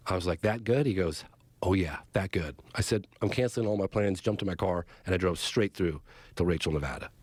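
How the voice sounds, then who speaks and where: A middle-aged man from Northern California, a documentary filmmaker who is a podcast guest, excitedly retelling a story and acting out the quotes. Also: sits low, a little fast, breathy edge, dry recording. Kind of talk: animated storytelling in conversation. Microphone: studio podcast mic.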